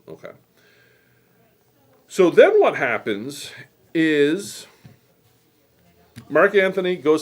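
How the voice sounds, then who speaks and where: A medium-pitched man hosting a quilt shop stream tells a history story. He's animated and rambling, with plenty of fillers and asides.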